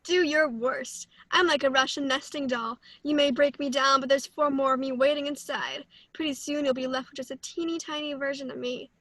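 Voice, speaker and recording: A cocky male spy delivers deadpan quips, voiced by a woman in an amateur read-through. The voice is high and bright, recorded dry and close. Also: brisk, hardly any pauses, no echo. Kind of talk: amateur script read-through over video call.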